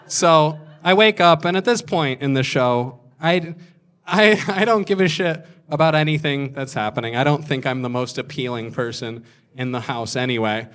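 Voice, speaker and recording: A young man tells stand-up stories about himself from a comedy club stage. He mocks himself and jumps into other people's lines with quick put-on voices. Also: mid-range voice, fairly bright tone, clear, resonant tone. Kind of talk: stand-up storytelling.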